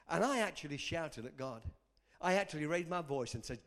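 A man's voice: high-pitched, big pitch swings, fairly quick. A man preaching a sermon, leading call-and-response and telling personal stories. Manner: impassioned, call-and-response, storytelling. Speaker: pastor.

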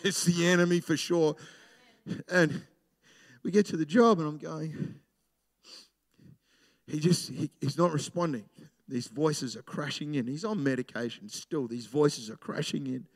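With a fairly high-pitched voice and a slightly slow delivery, a middle-aged pastor gives a conversational sermon. He moves between loud emphasis and hushed storytelling.

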